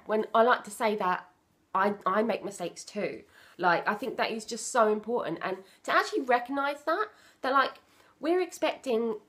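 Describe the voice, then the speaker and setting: A young British woman talking earnestly to camera about parenting, often repeating herself and acting out what a parent or child might say. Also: fairly high pitch. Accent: British English. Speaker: parenting vlogger. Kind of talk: casual talk to camera.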